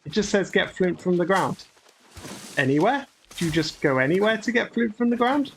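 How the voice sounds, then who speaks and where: A man's voice: sits high, animated, normal speed, gravelly, a little hiss or hum. A man hosting a gaming channel, giving chatty, grumbling, self-mocking commentary as he plays. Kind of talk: gameplay commentary.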